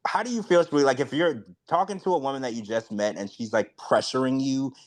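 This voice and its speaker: A man's voice: medium pitch, brisk. Man, podcast co-host, casual chat, frank, filler-heavy delivery. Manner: chatty, heavy use of "like", frank and blunt.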